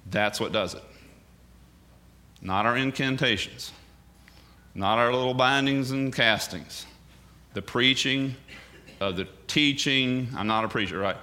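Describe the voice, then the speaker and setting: A man teaching a sermon in a lively, casual way, rising loud and dropping soft, with off-hand asides. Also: medium pitch. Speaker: bible teacher.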